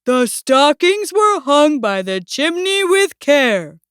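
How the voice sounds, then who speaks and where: A woman voicing a stern, pompous male bear in a read-aloud storybook, speaking slowly and grandly. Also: high-pitched, sing-song, no echo, studio quality, heavily acted. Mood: declaiming. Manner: slow, grand, declaiming.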